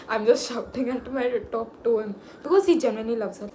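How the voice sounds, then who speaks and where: A young woman, talking casually about books in an excitable, gushing way with sudden pitch jumps and frequent laughter. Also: fairly quick, a little hiss or hum. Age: young adult. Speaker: book vlogger. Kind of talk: casual book review chat.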